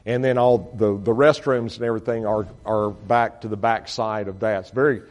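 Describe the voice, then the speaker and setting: A man's voice: lowish voice, steady tone, moderate pace, a little mellow. A man speaking as a missionary, talking a congregation through slides in a folksy, earnest way, with many fillers and restarts. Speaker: missionary reporting to supporters. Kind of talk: slide-show talk to a congregation.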